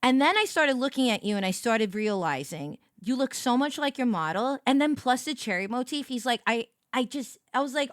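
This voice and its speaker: Chatty young woman with a high voice. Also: moderate pace, hardly any pauses, no room sound, clean studio sound. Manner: animated storytelling, jumps high to greet chat. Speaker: VTuber streamer. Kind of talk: casual chat.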